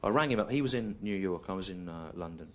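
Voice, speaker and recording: A man doing a stand-up comedy routine on stage. He is deadpan and digressive and repeats his own lines on purpose. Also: sits low. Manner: deadpan, digressive, deliberately repetitive. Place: comedy stage before a live audience. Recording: live recording with clear background noise.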